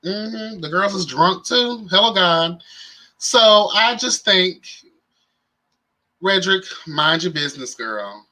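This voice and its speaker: Young guy doing a sassy live recap, super bright voice, kinda high, talks to chat a lot. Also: takes it slowly, poor audio. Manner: sassy, campy, animated with slang and exclamations. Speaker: reality show recap host. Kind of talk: casual live-stream commentary.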